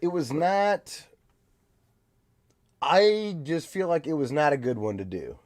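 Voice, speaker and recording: A man's voice: a little high, animated, slow, a little mellow, no echo, studio quality. A man co-hosting a casual gaming podcast, easygoing and teasing, often restarting his sentences. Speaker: podcast co-host. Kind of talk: casual chat about video games.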